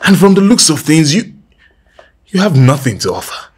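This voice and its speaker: An actor with a Nigerian accent playing a frustrated, jobless young man who blames his girlfriend and shouts in outbursts. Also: fairly high pitch, very animated, normal speed, breathy edge. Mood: bitter. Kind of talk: film drama acting.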